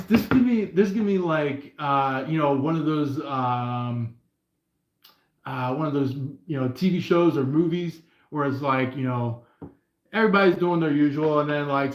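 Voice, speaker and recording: In a reverberant recording, a man with a slightly high voice runs a live tarot stream. His talk wanders, and he keeps using fillers and starting his sentences over.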